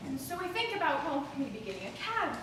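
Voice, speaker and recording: A woman's voice: high-pitched, very animated, a little fast. A woman performing a theatrical monologue as a restless, emotional woman, telling her story in a charged, confessional way. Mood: exasperated. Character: restless, ungrateful woman stranded waiting, emotional. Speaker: stage actor performing a monologue. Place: theater stage. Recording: distant echoey hall recording with background noise.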